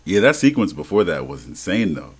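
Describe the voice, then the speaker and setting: A man co-hosting a podcast in casual chat, animated and slangy, laughing often and swearing freely. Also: low-pitched, a little fast, slightly rough. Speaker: podcast co-host.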